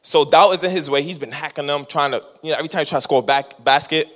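A man preaching a sermon as a lively story, laughing often and acting out what people said. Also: a little high, quick pace. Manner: animated, laughing storyteller who acts out quotes. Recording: long hall reverb.

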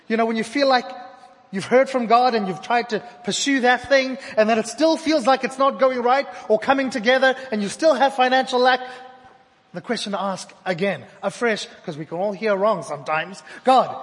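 A man preaching a sermon to his congregation, swinging from loud emphatic repetition to hushed, intimate phrases. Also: very high voice. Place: church hall. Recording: long hall reverb.

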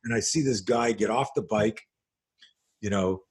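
A man's voice: on the low side, normal speed. A middle-aged man, a self-defense instructor, telling a story in an interview. He swears freely and acts out the scenes as he goes. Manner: profane, animated storyteller who acts out scenes.

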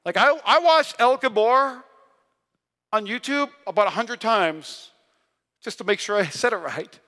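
Bright, high-voiced man preaching a sermon. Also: a little slow. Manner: energetic storytelling with self-deprecating humor. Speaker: pastor. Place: large church hall. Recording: long reverb of a large hall.

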